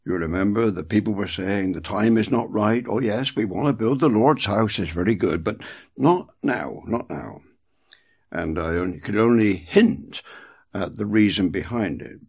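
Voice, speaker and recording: Male preacher, slow and husky, emphatic delivery with lively pitch. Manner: slow, emphatic preaching with dramatic drops in volume. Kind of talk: sermon.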